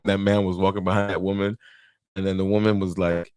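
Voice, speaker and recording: A man's voice: low-pitched, a little fast, clear, resonant tone, no room sound. A man from Nigeria hosting a casual podcast chat, telling stories with lots of laughter. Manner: animated storyteller, laughs often, acts out quotes. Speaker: podcast host.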